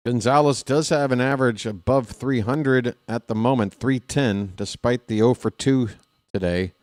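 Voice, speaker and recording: A man's voice: medium pitch, moderate pace, dry recording, clean studio sound. A man calling a baseball game play-by-play as a partisan fan, with a voice that is starting to tire. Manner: partisan, excitable on big plays, chats with viewers. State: voice getting tired.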